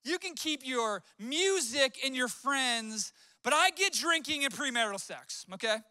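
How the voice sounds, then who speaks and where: A man's voice: extremely high pitch, animated, measured pace, bright, forceful tone, smooth, no echo, exaggerated voice. A man voicing God as a male bargainer, talking in a casual, haggling way.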